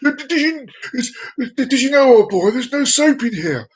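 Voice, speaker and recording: A man's voice: very high-pitched, expressive, moderate pace, pitched above the performer's own voice. A man voicing a posh, flustered older bishop who stammers in a fussy upper-class way. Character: posh old male bishop, flustered, genteel.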